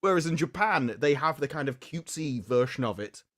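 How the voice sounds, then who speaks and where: A middle-aged man co-hosting a casual livestream chat in an animated manner. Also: a little high, fairly quick. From United Kingdom. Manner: animated, does loud voices of game lines. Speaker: co-host.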